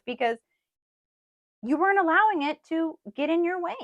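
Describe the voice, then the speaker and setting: A woman co-hosting a podcast, her voice a little higher than most and recorded dry and close. She talks casually and chimes in to finish her partner's points. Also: normal speed, long pauses, a bit bright, no room sound. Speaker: podcast co-host.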